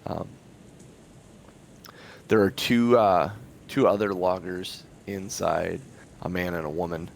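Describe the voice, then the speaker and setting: A man narrating a tabletop game as game master, halting, with many pauses and restarts. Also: low voice, steady tone, creaky, a little hiss or hum.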